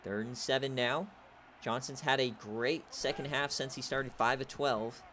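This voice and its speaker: A young man giving play-by-play commentary on a video game football stream, excitable and shouting on big plays. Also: mid-range voice, a little slow, slight background noise. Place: home setup, streaming.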